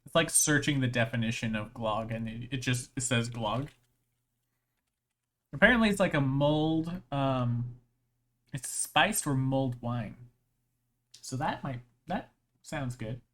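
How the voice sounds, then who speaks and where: An unhurried live streamer at a middle-pitched voice, talking in a loose, playful ramble. Thoughts trail off and restart, and laughter breaks in often during this casual stream chat. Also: lively intonation, fairly bright tone. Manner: halting, with many restarts.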